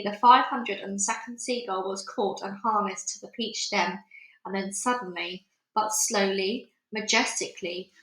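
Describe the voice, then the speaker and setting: A woman reading a children's book aloud with lively, expressive storytelling, in an echoey room. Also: medium pitch.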